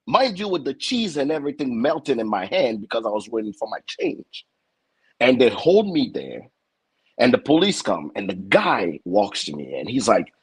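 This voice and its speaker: Lively husky man. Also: medium pitch, poor audio. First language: French. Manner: animated, stammering repeats, acts out other voices. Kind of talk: casual comic storytelling.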